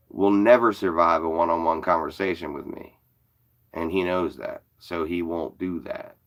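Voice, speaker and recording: A man's voice: deep voice, fairly bright tone. A man in his forties ranting bluntly to the camera, sarcastic and swearing often. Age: 40s. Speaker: YouTuber. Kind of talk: profane ranting commentary.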